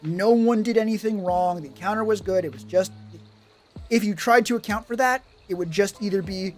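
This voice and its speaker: Over soft background music, a high-voiced streamer speaks at a moderate pace about running tabletop games. He's profane and animated, rambling casually while he reads and responds to chat.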